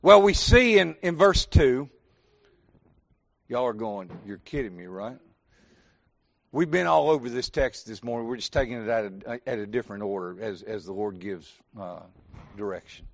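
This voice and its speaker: A man's voice: medium pitch, moderate pace, creaky. A middle-aged pastor with a Southern accent, preaching a folksy sermon and quizzing his congregation directly. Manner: folksy, addresses congregation with questions and "y'all".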